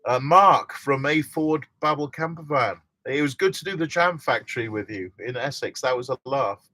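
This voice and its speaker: A man's voice: mid-range voice, moderate pace, pushed and bright. Chatty man hosting a live stream. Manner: chatty, reads out viewer comments, laughs often. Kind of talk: casual live stream chat. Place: inside a motorhome by the coast.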